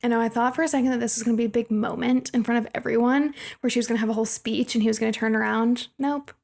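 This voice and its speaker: A woman's voice: on the high side, fairly even intonation, rapid-fire, creaky, darkish tone. A young woman co-hosting a movie podcast, chatting casually, laughing often and acting out quotes. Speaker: podcast co-host. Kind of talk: casual chat recapping a movie.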